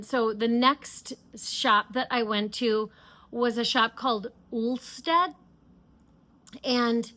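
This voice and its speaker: A woman's voice: medium pitch, bright, forceful tone. A middle-aged woman hosting a knitting podcast, chatting casually and enthusiastically with many fillers and restarts. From United States. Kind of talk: casual chat.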